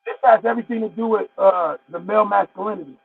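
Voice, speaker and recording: A man with a high, deeply gravelly voice talks bluntly in casual street slang, acting out others in his stories. He sounds husky and dry, squeezed through a tinny, phone-like line. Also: fast, no room sound. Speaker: podcast guest. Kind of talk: casual chat. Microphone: no headphones, sounds like phone or distant mic.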